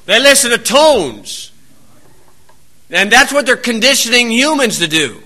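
A man's voice: very high-pitched, sing-song, a little slow, pushed and bright. A male preacher delivering a blunt, plain-spoken, scolding sermon.

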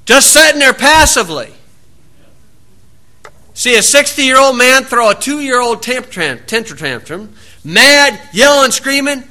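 A man's voice: extremely high pitch, lively intonation, a little slow, sharp tone. A man preaching a sermon, reading scripture aloud and breaking in with folksy, sarcastic asides. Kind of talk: sermon, Bible reading with commentary.

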